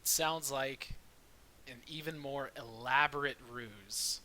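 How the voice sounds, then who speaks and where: A man's voice: mid-range voice, slow pace, sharp tone. A man playing a tabletop game, stammering and sheepish. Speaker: player. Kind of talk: casual tabletop game play. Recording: faint hiss.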